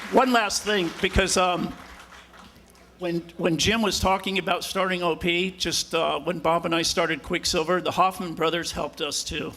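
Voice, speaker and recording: A man's voice: fairly high pitch, a bit bright. A man giving an informal acceptance speech at a ceremony, rambling through anecdotes with lots of fillers and restarts.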